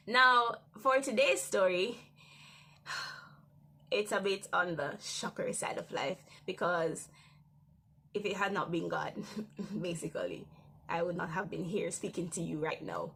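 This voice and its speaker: A young woman hosting a daily devotional, telling a personal testimony in a conversational, rambling way with restarts and soft laughs. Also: lowish voice, measured pace, gravelly, pauses often, slight background noise. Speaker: devotional host.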